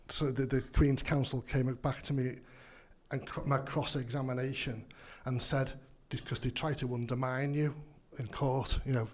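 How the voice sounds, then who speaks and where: A man with a Liverpool accent, a guest lecturer answering questions at a conference in a wry, anecdotal way, full of fillers, speaking into a handheld microphone. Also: medium pitch. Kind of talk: conference talk and Q&A. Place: conference hall.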